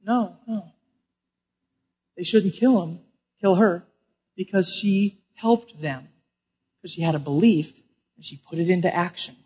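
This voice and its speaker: Man, pastor, sermon, husky voice, high pitch, emphatic. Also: measured pace, long pauses. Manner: swings from loud emphatic questions to quiet explaining.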